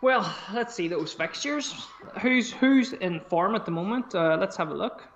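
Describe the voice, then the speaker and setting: A man's voice: high voice, animated, measured pace, a bit bright, highs cut off, slight background noise. A man co-hosting a casual podcast chat, swearing freely as he talks through his squad choices aloud. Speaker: podcast co-host. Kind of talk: casual fantasy football chat.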